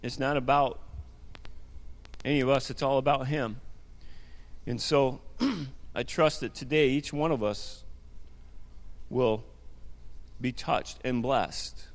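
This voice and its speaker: Pastor with a cold, echoing church hall. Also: male voice, medium pitch, steady tone. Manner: earnest, halting, restarts phrases. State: scratchy voice from a cold. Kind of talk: sermon with prayer. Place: church sanctuary. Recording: long hall reverb.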